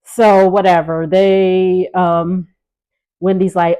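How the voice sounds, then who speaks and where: A woman's voice: fairly low pitch, little pitch movement, measured pace, warm tone, smooth, low-quality recording. Sassy chatty woman vlogger. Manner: chatty, sassy, laughs often. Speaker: recap vlogger. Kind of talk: casual reality TV recap. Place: home sitting area by the kitchen.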